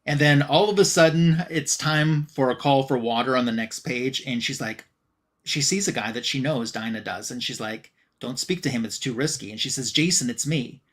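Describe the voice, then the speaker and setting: A man's voice: medium pitch, normal speed. A man co-hosting a podcast, casually retelling a comic book plot with quoted lines and frequent fillers. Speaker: podcast co-host.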